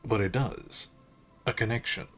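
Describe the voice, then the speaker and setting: A man streaming a game, reading its narration aloud in a measured, unhurried way with occasional slips. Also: on the low side, fairly bright tone, soft background music.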